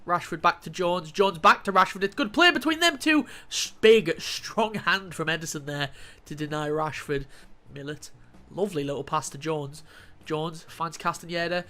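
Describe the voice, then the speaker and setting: A man's voice: on the high side, normal speed, faint music behind. Brief: young guy, gaming commentary, sweary, flips from chill to furious. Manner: swears freely, swings from calm to fuming. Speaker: gaming YouTuber. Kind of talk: live gameplay commentary.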